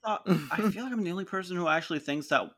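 A person in a casual movie chat, relaxed and swearing offhandedly. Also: mid-range voice, rapid-fire.

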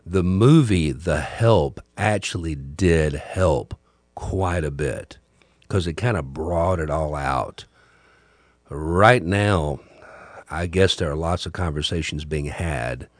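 A man's voice: very deep voice, slow, no echo. A middle-aged man, hosting a podcast and talking through a candid, reflective monologue. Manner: conversational, candid, musing. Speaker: radio host and podcaster.

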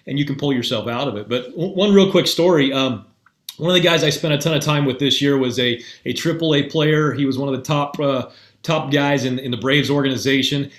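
A man who is a guest and mental performance coach, telling a story in a relaxed, conversational way with frequent fillers. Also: medium pitch, a little fast. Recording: echoey room.

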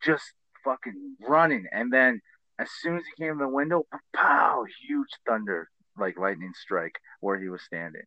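A man's voice: medium pitch, normal speed, dry recording, dull audio. A man co-hosting a casual podcast chat, telling anecdotes with acted-out voices and free swearing. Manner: animated storyteller who acts out voices in anecdotes, swears freely. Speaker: podcast co-host, comedian.

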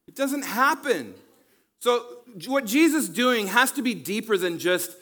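A man's voice: high-pitched, big pitch swings, normal speed, a bit bright. Casual, conversational male preacher. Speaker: pastor and counselor. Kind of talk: casual sermon teaching. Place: church campus.

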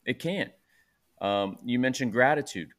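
A man's voice: mid-range voice, a little slow. A man hosting a podcast, talking casually and openly about his own therapy. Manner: relaxed, says bro, open about himself. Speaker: podcast host. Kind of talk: casual chat.

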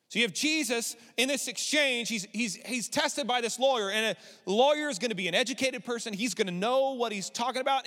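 Pastor, male, 30s, high voice, candid conversational sermon, reverberant hall. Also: brisk, hardly any pauses, sharp tone. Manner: conversational, candid preaching with rising emphasis.

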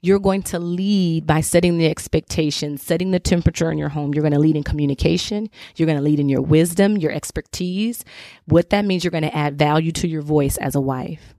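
A woman's voice: sits low, fairly quick, dark tone, dry recording, studio quality. Woman preaching frank marriage advice. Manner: direct, preachy, emphatic coaching; informal, addresses listeners as y'all. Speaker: podcast host. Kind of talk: faith-based advice talk to wives.

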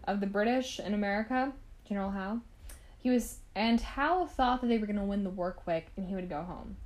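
A woman's voice: medium pitch, a little mellow. A woman hosting a podcast, telling a history story in a chatty, casual way with asides to the listener. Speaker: podcast host.

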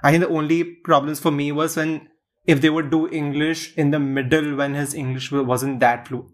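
A man co-hosting a podcast, reasoning in a halting, thoughtful way with sarcastic jokes. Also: fairly high pitch, level tone. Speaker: podcast co-host, film critic. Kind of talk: casual film review chat.

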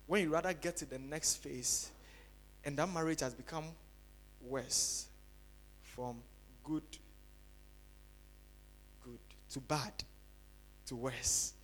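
A man preaching a sermon as pastor, swinging between loud cries and quiet, dropped-voice asides to the congregation. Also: on the high side, takes it slowly, pauses often, a little hiss or hum. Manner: preaching with dramatic rises to shouting and drops to soft asides.

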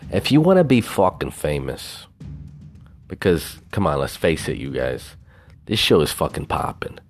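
A man hosting his own podcast in a casual, rambling, boastful and profane way, with a Southern US twang. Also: extremely low pitch. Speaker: podcast host. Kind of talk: casual solo podcast talk.

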